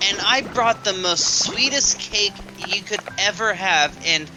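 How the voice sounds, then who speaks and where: A man chatting casually with a streamer, telling relaxed stories with quick asides. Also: sits high, very noisy. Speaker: stream co-host. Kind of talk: casual gaming chat.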